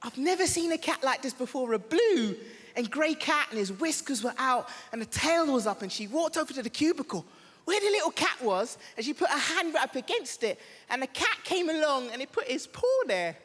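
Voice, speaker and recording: A man's voice: very high-pitched, sing-song, brisk. A man performing a stand-up set on a theatre stage, telling a story with lots of energy and acting out the voices of the other people in it. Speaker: stand-up comedian. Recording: echoey theatre hall with loud crowd. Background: audience laughter.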